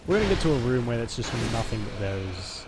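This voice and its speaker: A man's voice: mid-range voice, very animated, fairly quick, very noisy. A man casually commenting on a game he is playing live, joking and muttering his reactions. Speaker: streamer.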